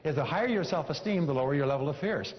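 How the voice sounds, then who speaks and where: Guy giving a motivational seminar, fairly high voice, keeps repeating lines, big echo and muffled sound. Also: lively intonation, racing. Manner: emphatic, repeats key phrases, coaches the audience. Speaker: seminar speaker. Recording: dull lo-fi sound with long hall reverb.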